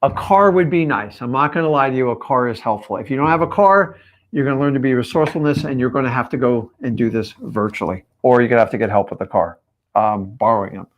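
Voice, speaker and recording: A man's voice: mid-range voice, fast talker, lo-fi sound. A man coaching his viewers on a live stream, talking straight at them in an emphatic, direct way. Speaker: real estate coach.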